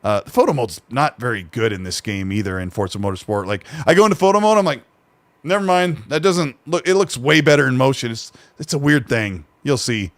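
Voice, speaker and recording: A man's voice: medium pitch, expressive, fairly quick, fairly bright tone, no echo. A man hosting a gaming podcast, chatting casually and rambling with frequent self-corrections. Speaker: podcast host.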